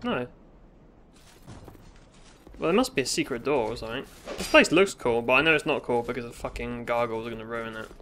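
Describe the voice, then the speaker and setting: A man's voice: mid-range voice, animated, fairly quick, pauses often, fairly bright tone, slight background noise. British man swearing through game commentary. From Britain. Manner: swearing, exasperated running commentary with sudden outbursts. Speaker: gaming YouTuber. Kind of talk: let's play commentary.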